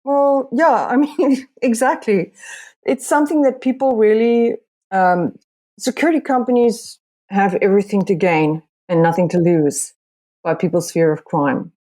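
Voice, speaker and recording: A woman's voice: medium pitch, measured pace, mellow. A woman journalist from Africa, answering earnestly with many restarts. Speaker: journalist guest. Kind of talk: podcast interview.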